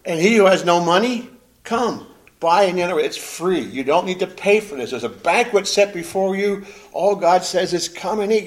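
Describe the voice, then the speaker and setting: Higher-voiced man preaching a sermon. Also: expressive. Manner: swells loud and slows when reading scripture, drops low and quiet on asides. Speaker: pastor.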